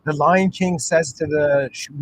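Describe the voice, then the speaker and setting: A man's voice: a little high, fairly even intonation, measured pace, low-quality recording. A man telling a story in a casual explanatory talk, rambling, correcting himself and often checking in with listeners. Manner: rambling, self-correcting, keeps asking "right?". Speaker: channel host.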